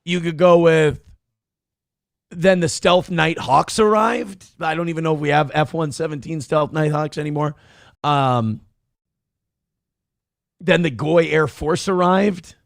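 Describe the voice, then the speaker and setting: A man hosting a morning livestream show, reading donations in loud, crude, fast banter. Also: fairly high pitch, creaky, no room sound, clean studio sound.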